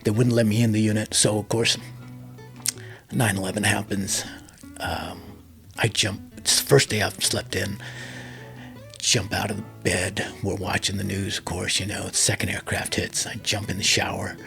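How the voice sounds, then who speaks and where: A middle-aged man with a low, gravelly voice tells a story as an interview guest. He acts out each line of dialogue and sinks to a hushed near whisper when the story turns emotional. Soft guitar plays faintly behind him. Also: little pitch movement, moderate pace. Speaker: interview guest, army veteran pilot.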